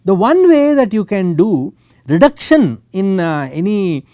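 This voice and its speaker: A man with an Indian English accent giving a technical university lecture, halting often with fillers and tag words. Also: sits high, big pitch swings, dark tone, no echo, studio quality. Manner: halting, full of "uh" and "okay" tags. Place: lecture recording.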